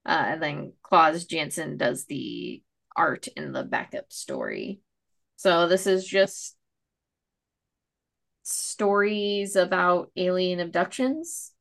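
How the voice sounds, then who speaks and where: A woman hosts a laid-back comic book chat, rambling through each issue with casual swearing. Her voice sits low with a gravelly fry. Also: sing-song, slow pace, fairly bright tone. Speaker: comic book podcast host.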